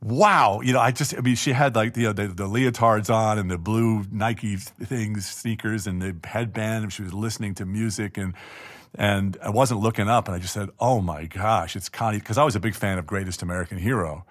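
Middle-aged male guest, low-set voice, rambling self-mocking anecdote style. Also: normal speed, fairly bright tone. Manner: chatty, self-deprecating, frequent restarts and laughs. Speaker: guest telling a personal story. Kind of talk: casual storytelling interview.

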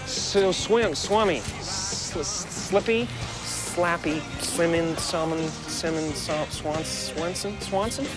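An actor playing a dim-witted, cheerful young man with a goofy, singsong delivery in a film trailer over loud music. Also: fairly high pitch, slow pace. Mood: dopey.

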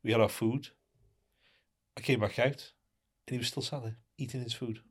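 A man's voice: mid-range voice, steady tone, normal speed, breathy edge. A middle-aged man co-hosting a podcast, talking in an indignant way and firing off rhetorical questions. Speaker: podcast co-host. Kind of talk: casual podcast chat.

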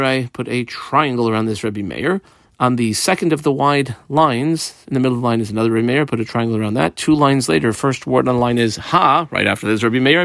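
Animated man teaching a Talmud page. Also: medium pitch, dry recording, clean studio sound. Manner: translates Aramaic line by line, many fillers. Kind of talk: daf yomi Talmud lesson.

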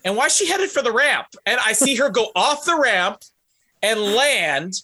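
A man co-hosting a podcast, telling a story in a casual, animated way and laughing often. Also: very high-pitched, normal speed. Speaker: podcast co-host.

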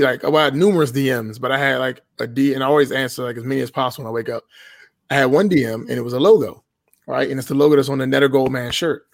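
A man's voice: medium pitch, creaky, no room sound. A man chatting casually on a podcast as a guest, telling stories in a laid-back, profane way and quoting other people's reactions. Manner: profane, laid-back storytelling with quoted voices. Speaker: guest, beard-care business owner.

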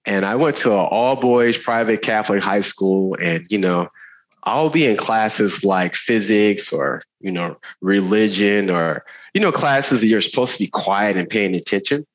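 A man talking candidly about his life as a guest, animated, laughing often, with lots of fillers and restarts. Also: fairly low pitch, unhurried, poor audio. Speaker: guest speaker. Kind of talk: candid conversational storytelling.

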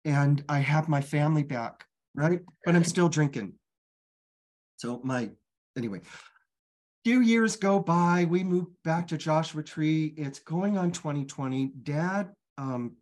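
A woman's voice: low voice, darkish tone. A middle-aged woman telling her own life story candidly as a guest, frank and casual, swearing freely.

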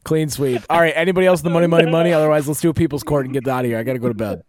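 A slightly high-voiced man hosts a podcast in loose, profane banter, joking as he keeps the segment moving. The sound is close and dry, with no room echo. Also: very fast. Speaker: podcast host. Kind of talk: casual chat.

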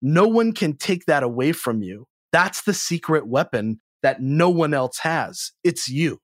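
Energetic, blunt man with a dry, close sound. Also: a little slow, dry recording. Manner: energetic and blunt, swears freely, jumps high in pitch for emphasis. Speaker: sales trainer, podcast guest. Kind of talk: casual interview chat.

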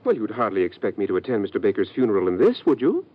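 An actor playing a fussy, evasive male lawyer who talks in a fluttery, hurried way, in 1950s radio drama style. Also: on the low side, huge pitch swings, husky, full character voice. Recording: dull lo-fi old radio recording.

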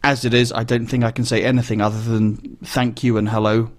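A man's voice: medium pitch, flat delivery. Wry, chatty male pilot explaining. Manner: conversational and wry, with frequent "uh" pauses. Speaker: business jet pilot. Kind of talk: casual explanatory monologue.

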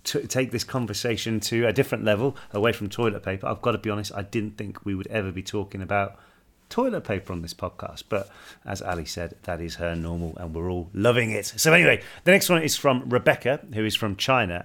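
Man, podcast co-host, casual, lively storyteller, lowish voice. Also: fast, vocal fry. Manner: lively storyteller, reads listener messages.

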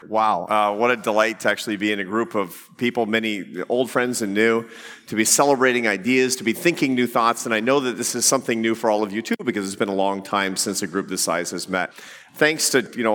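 Middle-aged man telling a story on stage. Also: mid-range voice. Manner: animated, self-deprecating with laughs. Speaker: speaker giving a talk. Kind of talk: storytelling public talk. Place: large hall with an audience. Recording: long hall reverb.

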